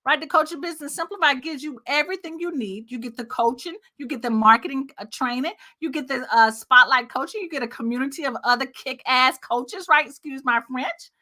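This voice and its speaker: Woman coach chatting to the camera, high voice, upbeat, says y'all a lot. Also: fairly quick, few pauses, sharp tone. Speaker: marketing coach. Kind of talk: casual talking-head video.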